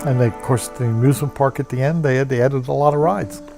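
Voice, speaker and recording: A man's voice: mid-range voice, steady tone, quick pace, vocal fry. A man recalling a bygone place in a reflective documentary interview, rambling with many hesitations. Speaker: interviewee recalling a former zoo. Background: loud music.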